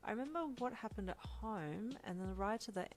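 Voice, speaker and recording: A woman's voice: mid-range voice, fairly quick, faint music behind, pitched above the performer's own voice, close to an everyday voice. A woman reading the lines of a shy young woman who has just become a mother, speaking hesitantly. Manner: hesitant, with fillers.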